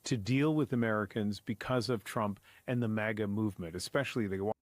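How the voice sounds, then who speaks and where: A man's voice: on the low side, brisk, no echo. A man explaining survey results in an interview, his hesitant speech full of repeated words and restarts. The recording is dry and close, with no room sound around him. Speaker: interviewee discussing survey findings.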